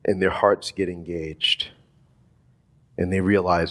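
A low-pitched male voice at a measured pace carries this informal sermon through a Bible passage. Asides are frequent, and his lively, conversational style keeps returning to "like" and "right?".

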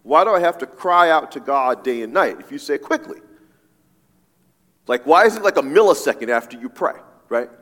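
Pastor, male, lively conversational sermon delivery, pitch rising and falling a lot, long hall reverb. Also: moderate pace. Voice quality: animated, conversational preaching with many asides and repeated "right?".

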